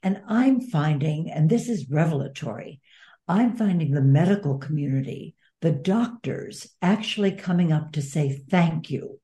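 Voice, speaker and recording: Speak as a woman guest in a heartfelt interview. Your voice sits low and mellow, and you talk earnestly and reflectively, weighing each thought. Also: expressive, moderate pace. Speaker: guest author and advocate. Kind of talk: interview conversation.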